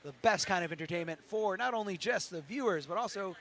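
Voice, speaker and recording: A man with a voice going hoarse, giving live commentary at a fighting game tournament and explaining things, correcting himself as he goes. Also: high voice, lively intonation, fast, a bit bright. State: hoarse, losing his voice. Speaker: esports commentator. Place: tournament venue. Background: music.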